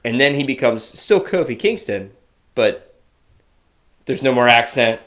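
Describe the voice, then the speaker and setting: A man in his forties co-hosting a casual podcast, telling rambling, animated stories. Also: mid-range voice, a little slow. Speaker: co-host. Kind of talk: casual chat.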